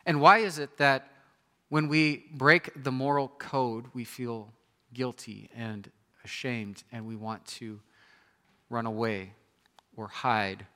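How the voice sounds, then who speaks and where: A man's voice: mid-range voice, steady tone, takes it slowly, sharp tone. A man preaching a sermon in an earnest, questioning manner. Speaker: pastor.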